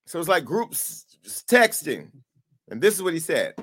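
A man hosts a casual commentary and riffs playfully, with some swearing. His voice sits a little high. He has an easy, loose delivery. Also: very animated, normal speed, a bit bright, breathy edge. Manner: playful, profane riffing. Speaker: commentary host.

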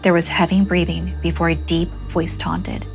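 A woman narrating a scripted horror story, speaking dramatically and shifting between brisk and drawn-out delivery. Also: fairly low pitch, level tone, faint music behind.

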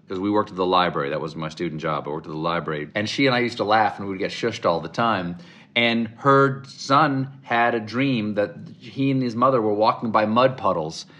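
Lively low-voiced man telling stories. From American South. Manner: animated storyteller, acts out quoted voices. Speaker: interview guest, comedic actor. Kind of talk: casual interview storytelling.

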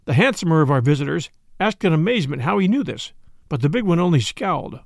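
A man narrating a story for a podcast with an expressive, theatrical reading. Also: a little high, quick pace, gravelly, no room sound, clean studio sound. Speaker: podcast reader.

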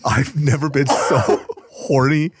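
A man's voice: mid-range voice, steady tone, slow pace, background noise. A young man from Sacramento co-hosting a casual podcast chat, joking, swearing and laughing often. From Sacramento, California. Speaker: podcast co-host.

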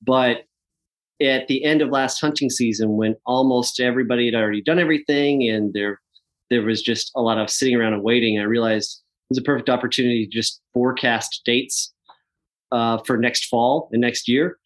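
Easygoing male podcast guest, mid-pitched. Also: steady tone, brisk. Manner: easygoing, laughs along. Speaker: podcast guest, app founder. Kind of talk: casual chat.

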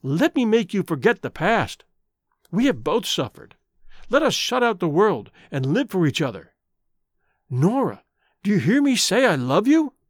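A man's voice: high-pitched, sing-song, moderate pace, no echo, studio quality. A man voicing an idealistic young man with an impassioned, declamatory manner. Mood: ardent.

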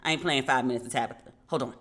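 A woman hosting a podcast, telling stories in a casual, animated way, acting out quoted dialogue and laughing often. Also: rumbling low, rapid-fire, slight background noise. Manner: laughing, candid, swears casually. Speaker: podcast host. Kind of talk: casual commentary chat.

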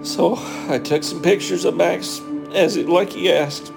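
Male coworker interviewee, a bit high, even flat tone, plain talk, music under. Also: a little slow, gravelly. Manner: plain-spoken, repeating phrases as he retells. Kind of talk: recounted interview testimony.

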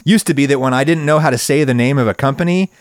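A man's voice: fast talker, dry recording, clean studio sound. Wry, emphatic male commentary host. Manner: wry, emphatic, wide swings in pitch for stress. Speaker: video essay host. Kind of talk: opinionated solo commentary.

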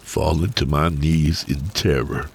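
A man giving a steady, measured first-person reading of a scripted horror story. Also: extremely low pitch, creaky, breathy edge. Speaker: narrator.

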